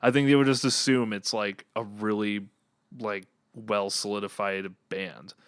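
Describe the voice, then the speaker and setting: A young man chats on a podcast in an earnest, rambling way, full of fillers and restarts. His voice sits a little low and sounds smooth and clean. The recording is dry, with no room sound. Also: fairly even intonation, measured pace, dry recording. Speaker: podcast co-host and band member. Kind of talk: casual chat.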